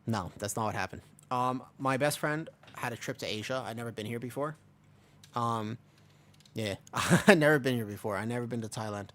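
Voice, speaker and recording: This young American man streams a game and talks loosely with his audience, cracking jokes and wandering off topic while answering chat. He speaks at a normal speed in a mid-range voice that's a bit bright.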